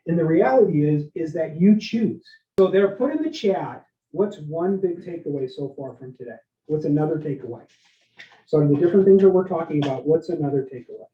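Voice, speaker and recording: A man giving a leadership workshop, energetic and interactive, often asking his listeners questions and tagging lines with "right?". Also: fairly high pitch, brisk. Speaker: leadership speaker. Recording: roomy, dull lo-fi sound.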